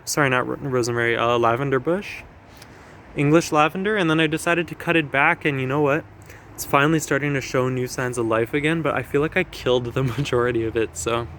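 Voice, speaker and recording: A man's voice: medium pitch, a bit bright. Chatty young man touring garden. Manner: chatty, self-correcting, quick little laughs. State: a bit out of breath from walking. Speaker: gardener vlogger. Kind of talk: casual garden tour walkthrough. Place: backyard garden outdoors. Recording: faint outdoor noise, passing planes.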